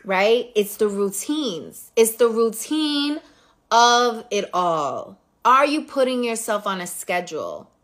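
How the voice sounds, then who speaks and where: A woman in her thirties from New York with a New York accent, hosting a casual livestream and telling a story straight to her viewers in a candid, profane, animated way. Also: on the high side. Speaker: livestream host.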